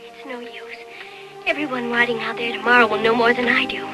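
An actress playing a determined young girl in a film, speaking softly and earnestly. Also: on the high side, steady tone, brisk, over music, natural voice, poor audio. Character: determined young girl rider, soft-spoken.

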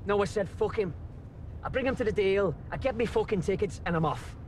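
An actor playing a swaggering, foul-mouthed gangster, speaking inside a car. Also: male voice, high voice, brisk, darkish tone, slight background noise, lightly acted. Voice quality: coarse, swearing constantly. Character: brash, swaggering, profane Liverpool gangster man. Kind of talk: film dialogue.

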